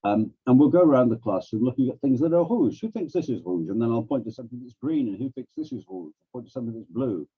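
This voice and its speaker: A man presenting a teaching workshop over a video call, voice swooping high and low as he acts out classroom questions. His tone is slightly husky, and the dull, lo-fi call audio takes the sparkle off it. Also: fast, few pauses. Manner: animated, acts out classroom prompts with big pitch swings. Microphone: video call microphone.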